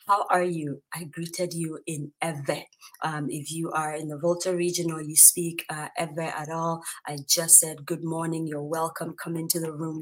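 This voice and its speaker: A woman in middle age hosts a livestreamed talk show with an animated, playful delivery. Her voice sits slightly low in pitch, and she moves briskly from one greeting to the next before she introduces her guest. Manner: animated, playful, greets viewers in many languages.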